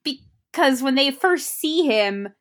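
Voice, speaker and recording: Young woman co-host, chatty and rambling, bright tone, casual film talk. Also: high voice, lively intonation, takes it slowly. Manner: rambling, searching for words mid-sentence. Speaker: podcast co-host. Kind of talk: casual movie review chat.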